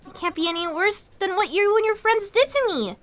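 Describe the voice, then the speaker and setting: A woman's voice: extremely high pitch, animated, fairly quick, a bit bright, pitched above the performer's own voice. A woman reading game dialogue aloud as a hurt, sensitive young woman who speaks in a wounded, accusing way.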